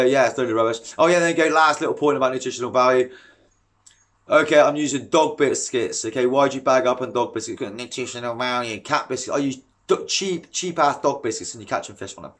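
A man's voice: medium pitch, fast talker, fairly bright tone. A man, a carp fishing vlogger, ranting bluntly and casually in a home video, using slang and strong opinions. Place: at home, then outdoors by a garden pond.

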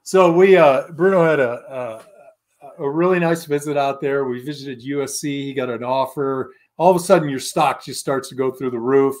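A man's voice: mid-range voice, moderate pace, darkish tone. A man in his fifties, a former pro football lineman, telling stories as a guest in a casual interview, acting out quoted voices and laughing often.

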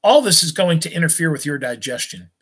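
A man's voice: a little high, expressive, fairly quick, a bit bright, slightly rough. A man reading as a fussing old grandmother. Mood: soothing.

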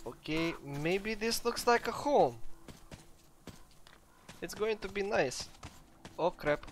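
A man with a Russian accent giving chatty, excitable let's play commentary to his viewers. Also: high voice, slow pace, a little hiss or hum. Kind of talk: gameplay commentary.

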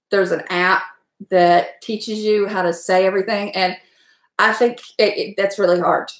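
A woman's voice: mid-range voice, fairly bright tone. Chatty Southern woman in an echoey room. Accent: Southern US (Southwestern Virginia). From Southwestern Virginia. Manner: chatty, rambling, quick to laugh. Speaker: livestream host chatting with viewers. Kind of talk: casual chat.

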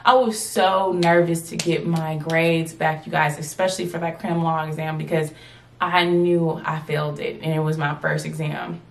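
A woman in her late twenties telling a storytime vlog to her viewers, in a lively, chatty way that keeps calling out to them. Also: deep voice, moderate pace, vocal fry, a little hiss or hum. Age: 20s. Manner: animated, chatty, addresses viewers as y'all. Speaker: vlogger.

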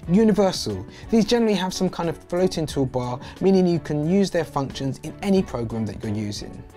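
Lively man explaining software. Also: on the high side, brisk, faint music behind. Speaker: host. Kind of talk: explanatory tutorial voice-over.

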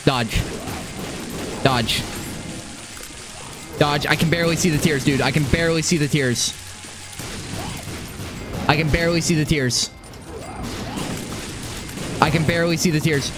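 A young man streaming a video game, swearing, repeating himself and swinging from high yelps to low mutters. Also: steady tone, unhurried, pauses often. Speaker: gaming streamer. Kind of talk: live gameplay commentary. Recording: game music behind.

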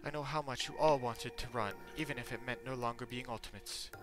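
A man doing a mock British accent as an earnest young male headmaster, speaking slowly and pleadingly. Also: mid-range voice, steady tone, over music, voice pushed up, close to an everyday voice. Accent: attempted British.

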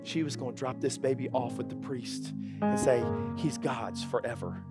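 A man's voice: mid-range voice, normal speed, loud music behind the voice. A man preaching a sermon as pastor, fervent and acting out quotes.

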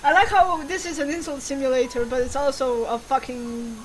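A woman's voice: high voice, steady tone, a little fast, slight background noise, rough recording. A woman commentating her gameplay in casual chat, giggling, swearing and exclaiming at the game. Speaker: gaming channel host. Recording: faint background music.

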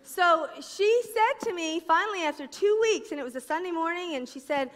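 A middle-aged woman from New Jersey giving a personal testimony talk at a conference, a lively storyteller who acts out the voices she quotes. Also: very high-pitched, moderate pace. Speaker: conference speaker. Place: conference hall stage. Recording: echoey conference hall.

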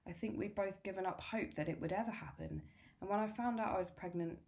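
A woman reading aloud the lines of a gentle, loving mother in a story, reassuring and calm. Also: medium pitch, brisk, creaky, voice pushed up, close to an everyday voice.

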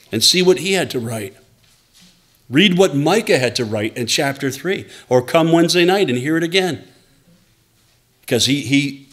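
A man, a pastor, preaching a conversational sermon to his congregation and acting out playful asides now and then. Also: medium pitch.

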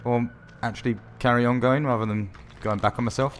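A man giving wry, sarcastic let's-play commentary while playing a horror game, swearing often and yelling when startled. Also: medium pitch, fairly quick, hardly any pauses. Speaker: gaming video host.

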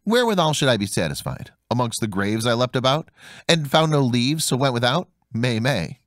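A man voicing a wicked, lying nanny goat who chants her rhymes in a slow, drawn-out sing-song that ends in bleats. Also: medium pitch, big pitch swings, no room sound, studio quality, close to an everyday voice.

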